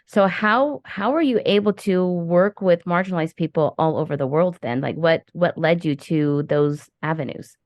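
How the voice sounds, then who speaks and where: A woman's voice: on the low side, normal speed, few pauses, no echo, dull audio. A woman hosting an interview with curious questions, filler words and restarts. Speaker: podcast host. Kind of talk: casual interview chat.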